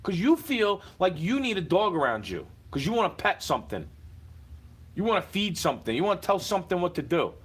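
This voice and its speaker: A man ranting at the camera from his home, profane and confrontational, shouting at times. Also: high-pitched, very animated, fairly quick, slightly rough. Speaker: livestreamer. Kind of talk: angry rant to camera. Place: indoors, home.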